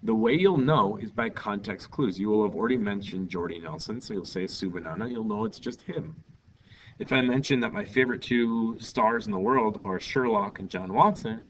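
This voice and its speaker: A man's voice: on the low side, normal speed, slight background noise. A male Spanish teacher giving a lesson in an upbeat, jokey way, acting out little scenes. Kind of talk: recorded classroom lesson. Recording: distant, dull lo-fi mic with faint ambience.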